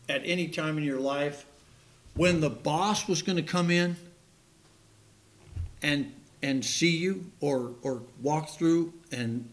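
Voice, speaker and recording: A man preaching a sermon in a folksy, joking way, laughing at his own puns and stories. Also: fairly high pitch.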